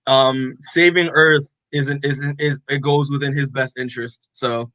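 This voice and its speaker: A man's voice: medium pitch, steady tone, unhurried, a bit bright, dry recording, poor audio. A man co-hosting a podcast, casually recapping a comic with lots of "like" and acted-out dialogue. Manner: rambling, full of "like" and quoted dialogue. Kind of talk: casual chat.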